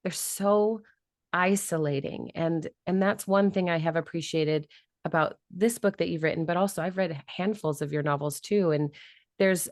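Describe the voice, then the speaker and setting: A woman's voice: fairly low pitch, normal speed, dry recording, clean studio sound. A woman hosting a podcast interview, reflecting thoughtfully in long flowing sentences. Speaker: podcast host. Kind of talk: casual interview chat.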